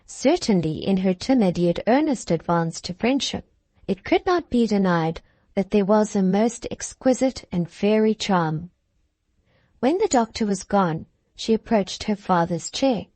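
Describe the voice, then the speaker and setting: A woman narrating a classic novel in the first person, measured and even. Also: medium pitch, no room sound. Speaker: audiobook narrator.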